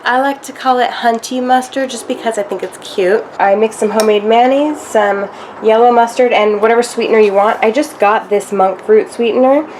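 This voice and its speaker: A woman's voice: a little high, fairly quick, darkish tone, a little hiss or hum. Chatty woman cooking at home. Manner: chatty, self-narrating while cooking and eating. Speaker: vlogger. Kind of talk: casual cooking vlog chat. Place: home kitchen.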